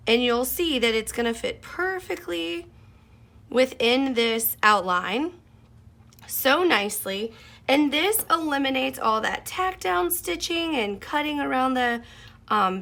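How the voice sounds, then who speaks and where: A woman's voice: a little high, creaky, pushed and bright. A woman explaining a machine embroidery project step by step in a friendly, chatty way while working at her sewing station. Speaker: sewing instructor.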